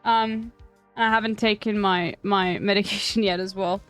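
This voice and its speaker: A South African woman streamer reading an article aloud in casual chat, breaking off with wry, swearing asides and halting restarts. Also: medium pitch, fairly even intonation, a bit bright, soft background music.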